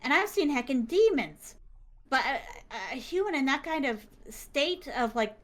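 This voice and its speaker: Animated young woman telling a story. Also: sits high. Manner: animated, filler-heavy, exclamatory. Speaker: interview guest. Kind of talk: casual storytelling.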